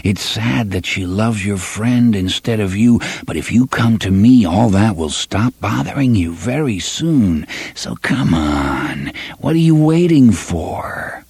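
A man's voice: on the low side, expressive, slow pace, vocal fry, hardly any pauses, a little mellow, breathy edge, no room sound, full character voice. A man voicing a groaning, coaxing uncanny thing. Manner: coaxing, persuasive.

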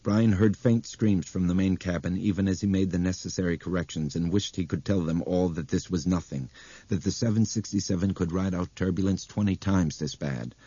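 A man reading a novel aloud as narrator, in a steady, measured way. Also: low voice, husky, no echo. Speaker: audiobook narrator. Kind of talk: scripted narration. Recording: dry, dull close-mic audio.

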